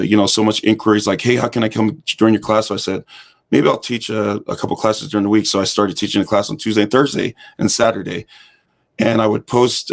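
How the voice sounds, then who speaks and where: Low gravelly guy telling his story on an interview show, acts out the quotes as he goes. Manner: animated storyteller who acts out quoted dialogue. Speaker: guest, hip hop fitness instructor.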